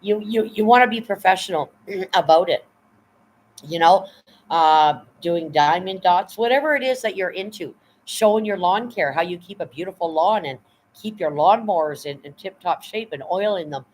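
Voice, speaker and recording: A woman's voice: lowish voice, normal speed, a little mellow, a little hiss or hum, poor audio. A woman hosting her live stream in casual chat, blunt and profane, rambling as she reads and answers her chat. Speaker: livestream host.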